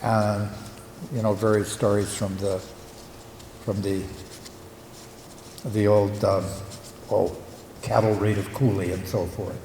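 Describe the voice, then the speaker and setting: An older man, a local historian and retired teacher, gives a reflective conference talk, pausing with fillers as he tells stories. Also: lowish voice, little pitch movement, dark tone. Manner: reflective storyteller, halting with fillers. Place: conference hall. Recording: echoey hall, faint room noise.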